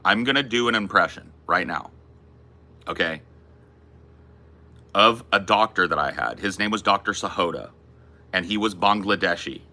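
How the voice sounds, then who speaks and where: A man's voice: lowish voice, pushed and bright. A young man hosting a casual podcast, laid-back and profane, calling everyone dude and bro. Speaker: podcast host. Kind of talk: casual chat.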